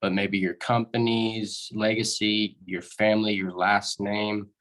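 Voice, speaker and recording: A man taking part in a workshop answers a question. His voice sits fairly low, and he speaks in a thoughtful, measured way. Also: flat delivery, a bit bright, poor audio. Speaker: workshop participant.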